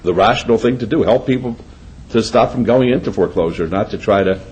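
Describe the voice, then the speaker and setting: A man's voice: lowish voice, fast, darkish tone, low-quality recording. An older man, the mayor, chairing a city council meeting in a plain-spoken, folksy way. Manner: folksy, plain-spoken, uses homey sayings. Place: council chamber.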